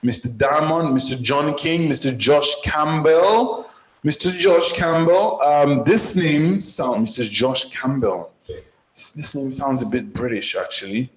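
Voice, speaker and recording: A man from Nigeria coaching forex traders, chatting casually and giving upbeat shout-outs on a live group call. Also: fairly high pitch, measured pace. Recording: roomy echoey sound.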